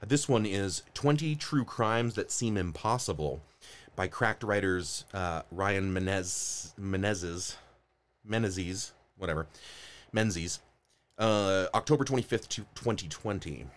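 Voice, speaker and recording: A man co-hosting a podcast, casually introducing and reading from an online list, enthusiastic and quick to laugh. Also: on the low side. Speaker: podcast co-host.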